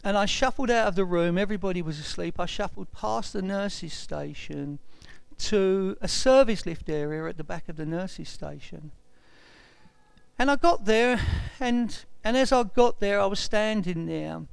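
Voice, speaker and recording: A man's voice: sits high, normal speed, creaky, clear, resonant tone, no room sound. A man in his sixties tells a personal testimony and acts out the dialogue as he recounts it. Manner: retells events with lively quoted dialogue.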